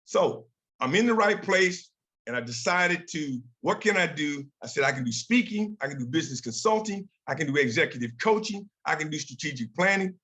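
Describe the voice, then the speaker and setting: An older man tells career stories in a motivational talk, voicing each exchange with his bosses and staff. His voice sits a little higher than most men's. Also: lively intonation, brisk, sharp tone. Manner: storytelling, acts out quoted dialogue. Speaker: guest speaker.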